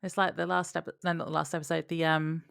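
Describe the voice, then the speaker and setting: Woman co-host, deep voice, laughs a lot, trivia reader. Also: level tone, quick pace, gravelly, fairly bright tone, clear, resonant tone, no room sound, studio quality. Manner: laughs often, reads facts from notes. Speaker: podcast co-host. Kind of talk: casual chat sharing trivia.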